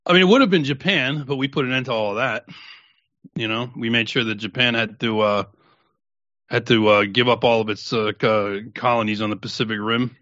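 A man's voice: mid-range voice, a little fast, bright, forceful tone, no echo, muffled recording. A man on a podcast chatting in a rambling way, with lots of "I mean" as he thinks aloud. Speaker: podcast co-host. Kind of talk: casual chat.

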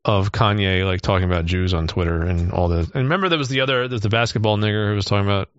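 A man hosting a podcast, chatting and joking in an animated way. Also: on the low side, quick pace, clean tone, no room sound, dull audio. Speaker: podcast host. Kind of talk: casual chat.

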